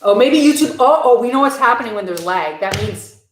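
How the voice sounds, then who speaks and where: A woman's voice: fairly high pitch, animated, a little fast, slight background noise. A woman live streaming casually, talking candidly and answering viewer comments from a room at home. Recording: roomy echo.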